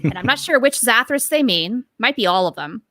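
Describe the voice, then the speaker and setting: A woman's voice: a little high, animated, fairly quick, pushed and bright, no room sound, studio quality. A woman co-hosting a podcast, chatting casually and laughing often into a mic with a pop filter. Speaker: podcast co-host. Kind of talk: casual chat.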